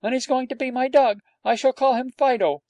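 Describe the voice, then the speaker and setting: A small, delicate, rich boy, tearful and stubborn, his voice pushed high above the gravelly man who puts him on in a storybook reading. The room is dry and close. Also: brisk, a little mellow, dry recording. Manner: insistent, high and pleading.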